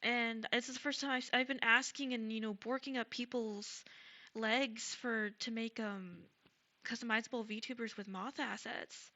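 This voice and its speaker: A woman streamer chatting casually with her viewers, soft and gushing, stumbling over ums and restarts, still getting over a cold. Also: a little high, steady tone, unhurried, lo-fi sound. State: recovering from a cold. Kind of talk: casual live-stream chat. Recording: streamer's mic with music behind.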